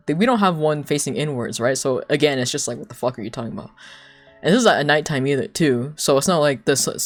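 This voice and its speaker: Rambling young streamer telling a story. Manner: rambling, heavy use of "like", swears, laughs between lines; acts out quoted people with sudden pitch jumps. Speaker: livestreamer. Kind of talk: casual storytelling to chat.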